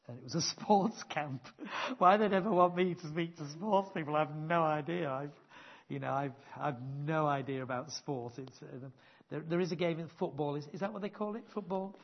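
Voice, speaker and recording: A man preaching a sermon, earnest and emphatic, with gentle self-deprecating asides and rising stresses on key words. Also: fairly high pitch, dull audio.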